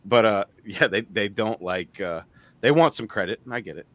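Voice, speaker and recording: A man's voice: on the low side, lively intonation, moderate pace, fairly bright tone. A man hosting a casual live-stream chat, rambling with lots of fillers and frequent laughter. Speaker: host.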